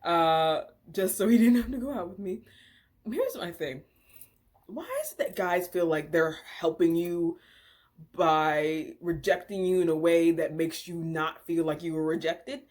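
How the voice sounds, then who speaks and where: A woman's voice: fairly low pitch, a little slow, a little mellow. A young woman telling a casual storytime, chatty and exasperated, with plenty of filler words, swearing and laughs. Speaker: vlogger.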